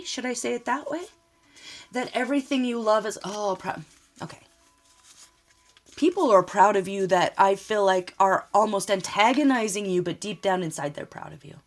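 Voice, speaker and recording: A woman giving a casual spoken tarot reading, talking in a rambling, emotional way and often laughing. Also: medium pitch. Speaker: tarot reader.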